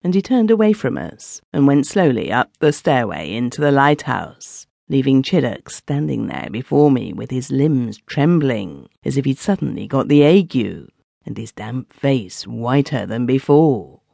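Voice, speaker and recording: A man's voice: medium pitch, big pitch swings, measured pace, gravelly, warm tone, no room sound. A man narrating a first-person story for an audiobook in a dramatic storytelling manner, on a close studio microphone.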